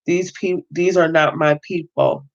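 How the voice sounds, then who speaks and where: A woman's voice: deep voice, steady tone, measured pace, gravelly. A woman reading as a remorseful dying mother. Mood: sorrowful. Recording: dull lo-fi sound.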